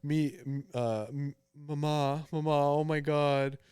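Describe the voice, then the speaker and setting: A man's voice: on the high side, fairly even intonation, measured pace, darkish tone, clean tone, no echo, studio quality, pitched above the performer's own voice, close to an everyday voice. A man putting on the voice of a panicking teenage male internet troll, mock-pleading and exaggerated. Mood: mock panic.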